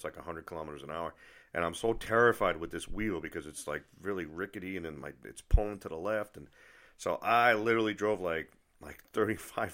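A man vlogger telling a story in a rambling, animated rant. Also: low voice. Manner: rambling, animated, many restarts and asides.

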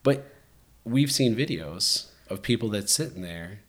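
A man hosting a podcast in casual chat, telling stories with lots of fillers and lively shifts. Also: fairly low pitch, unhurried. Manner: animated storytelling, many fillers. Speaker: podcast host.

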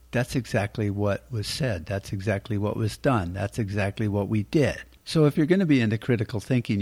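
A man's voice: on the low side, darkish tone. A middle-aged American man hosting a podcast, giving rambling, blunt political commentary and swearing freely. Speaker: podcast host.

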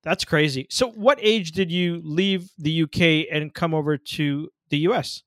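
A man's voice: on the high side, unhurried, fairly bright tone, studio quality. A man interviewing a guest, repeating key points back and asking follow-up questions. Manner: engaged, echoes and follows up on answers. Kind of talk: conversational interview.

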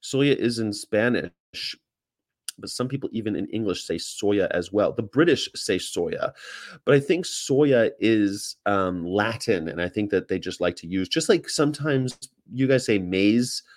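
A man's voice: fairly low pitch, lively intonation, a little slow. A man with an American accent hosting a casual livestream, reading viewer comments and rambling with jokes and casual swearing. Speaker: host.

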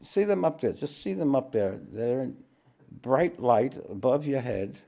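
A man teaching a spiritual talk to an audience, unhurried, repeating his phrases and often clearing his throat. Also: mid-range voice, expressive, warm tone.

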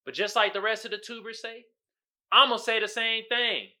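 A man with a high voice speaks at a moderate pace as host of his own podcast. He chats casually and jokingly, animated as he talks straight to his audience, calling them "y'all."

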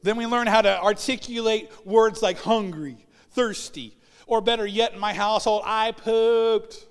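A man's voice: sits high, normal speed, smooth, in a large hall. A man preaching a sermon as pastor, telling personal stories and acting out the voices of people he quotes. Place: church sanctuary.

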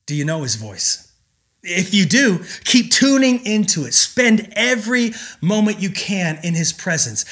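A man preaching a sermon in an earnest, emphatic way, with dramatic pauses. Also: high-pitched, big pitch swings, fairly bright tone. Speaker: pastor.

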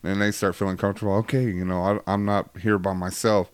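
A low, smooth-voiced man hosting a casual faith chat. He rambles and jokes, packing his talk with fillers, and the sound is dry and close. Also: little pitch movement, fast talker, no echo. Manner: rambling, jokey, many fillers. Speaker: host.

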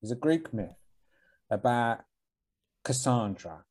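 A man's voice: mid-range voice, expressive, takes it slowly, darkish tone. A young man with a Cockney accent, co-hosting a podcast in blunt, sweary, mumbly casual chat. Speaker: podcast co-host.

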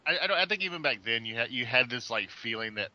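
Laid-back male co-host with a sharp, bright voice, casual banter. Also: medium pitch, expressive, fast, no echo, highs cut off. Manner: laid-back, swears, laughs easily. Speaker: podcast co-host. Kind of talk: casual chat.

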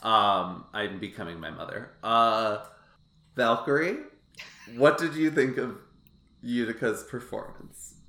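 Bright-voiced chatty male podcast host. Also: medium pitch, slow pace. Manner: chatty, lots of "like" and "um" fillers. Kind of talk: casual chat. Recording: roomy echo.

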